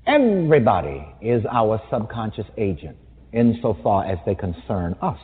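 A man's voice: fairly low pitch, very animated, normal speed. A man preaching a sermon to an audience in a large hall, emphatic and wry, with a teasing edge. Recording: tinny phone-like sound with long hall reverb.

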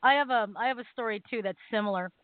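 A woman co-hosting a talk radio show, telling a story in a casual, animated way and acting out the people in it. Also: a little high, racing, a little hiss or hum. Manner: animated storytelling, acts out quoted voices. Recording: dry phone-line audio.

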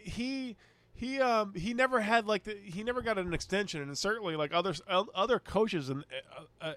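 A man's voice: sits high, sharp tone, no room sound. A man co-hosting a casual sports podcast, rambling and restarting his sentences as he works out what he thinks. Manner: rambling, halting, many restarts. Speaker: podcast co-host.

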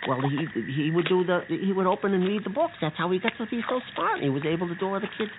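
A man playing an earnest tween boy bean in a children's radio play, who talks in an excitable, stammering way. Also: high-pitched, quick pace. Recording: tinny lo-fi radio with hiss.

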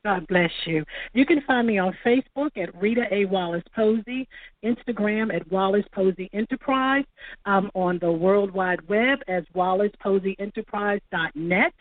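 A woman's voice: medium pitch, moderate pace, no echo. Woman testifying over a phone line. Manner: storytelling with quoted dialogue, fervent. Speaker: guest author.

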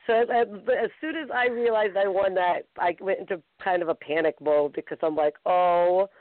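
A woman's voice: medium pitch, a little fast, no echo. Woman host, chatty, rambling storyteller, tinny phone line, dry sound. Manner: chatty storyteller, many fillers. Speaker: talk show host. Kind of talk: casual chat.

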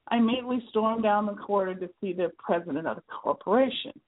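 A woman reads aloud from her own memoir, telling it in an earnest, measured way. Her voice sits in the middle range and has a husky, breathy edge. The recording is thin and tinny, like a phone line. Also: medium pitch. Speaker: author reading her own book.

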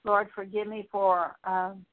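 A woman Bible teacher leading a prayer of confession in earnest, repetitive petitions with halting pauses. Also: medium pitch, little pitch movement. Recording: tinny phone-like recording.

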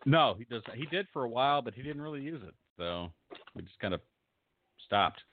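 A middle-aged man co-hosting a casual chat, trading dry, deadpan jokes. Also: medium pitch, normal speed, narrow, tinny audio, a little hiss or hum. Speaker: podcast co-host.

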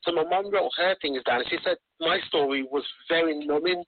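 A man's voice: a little high, a little fast, dry recording. A man with a Birmingham accent, a guest on a radio show, earnestly telling his story. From England. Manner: earnest, tells stories in quoted dialogue. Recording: tinny phone line.

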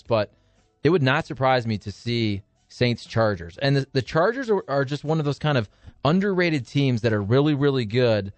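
Animated male co-host, dry sound. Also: medium pitch, no echo. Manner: animated, opinionated, fond of asides. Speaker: show co-host. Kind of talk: casual sports and pop-culture chat.

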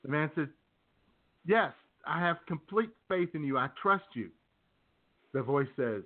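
A man's voice: medium pitch, normal speed. A man co-hosting a comedy show, telling jokes casually and acting out the characters. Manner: animated, acts out characters in jokes. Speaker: podcast co-host. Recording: tinny phone-like sound.

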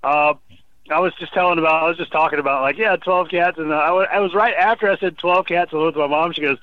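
A man co-hosting a podcast, loudly telling stories and acting out both sides of conversations. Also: on the high side, quick pace, no echo, lo-fi sound. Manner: loud animated storyteller acting out dialogue. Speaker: podcast co-host. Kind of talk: casual chat.

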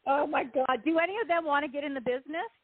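A woman's voice: sits high, fast. A woman radio host asking questions in a casual interview, reacting with enthusiasm. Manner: enthusiastic, laughing. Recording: dry phone-like line.

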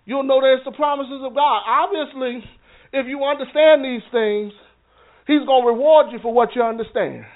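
Heard through phone-like, narrow audio, a man runs a church teaching session for his Bible class. His very high voice moves at a moderate pace as he chats, repeats words, and frequently checks in with the group.

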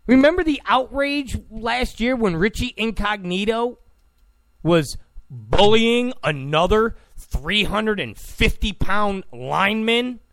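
A mocking, exasperated man rants through a commentary in a high, gravelly voice that swings widely up and down. He takes his time, and the sound is close and dry. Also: animated, slow pace, a bit bright, no room sound. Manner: exasperated, mocking, repeats "come on". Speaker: political commentator. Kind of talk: ranting commentary.

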